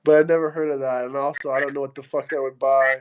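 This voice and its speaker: A man's voice: medium pitch, level tone, fast talker, slight background noise, low-quality recording. A man hosting a live stream, chatting bluntly and swearing a lot. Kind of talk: casual chat.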